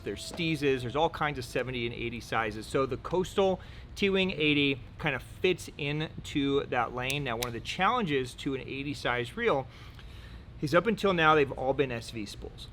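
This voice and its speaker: An easygoing man at a middle pitch walks through new gear in a relaxed, chatty way, cracking jokes and tossing in the odd swear. A faint hum of noise sits underneath his voice. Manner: upbeat, joking, casual swearing. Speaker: host. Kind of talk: casual product rundown. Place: indoor room.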